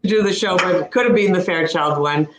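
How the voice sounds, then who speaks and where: A woman with an Ontario Canadian accent explaining pronunciation in a casual chat, slowly demonstrating words. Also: on the low side, reverberant, a crowd in the background. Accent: Ontario Canadian English. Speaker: speech-language pathologist guest.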